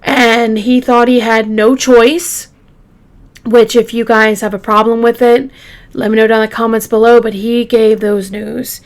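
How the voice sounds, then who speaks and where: A woman hosting a true crime show, retelling a case casually with halting fillers and restarts, openly shaken by the grim details. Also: on the high side, level tone. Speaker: true crime podcast host.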